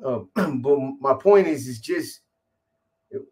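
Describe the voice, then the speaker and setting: Guy rambling through a story, lots of cussing and restarts, street talk, middle pitched voice. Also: lively intonation, takes it slowly, darkish tone. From California. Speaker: guest telling a story. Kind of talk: casual storytelling.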